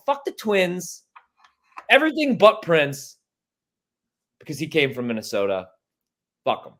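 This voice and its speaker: A man's voice: high-pitched, big pitch swings, moderate pace, pauses often. A man from Chicago hosting a sports podcast, giving blunt, profane, opinionated takes in casual chat.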